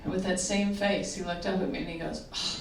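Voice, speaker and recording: A woman's voice: on the low side, fairly even intonation, fast, slight background noise. A woman performing a stand-up set, telling wry stories and landing punchlines in a comedy club. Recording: roomy live venue, mic picked up from a distance, loud laughter. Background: audience laughter.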